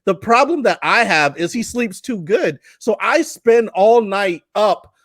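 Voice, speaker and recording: A man's voice: high-pitched, animated, unhurried, a bit bright, no room sound, studio quality. A man hosting a podcast who chats casually about his new baby, laughs often and acts out the baby's cries. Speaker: podcast host. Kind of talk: casual chat.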